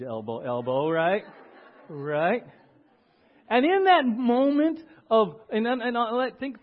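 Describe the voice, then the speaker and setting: A man preaching a sermon as pastor in a church, animated, acting out little voices and asking the congregation questions. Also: high voice, lo-fi sound. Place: church sanctuary.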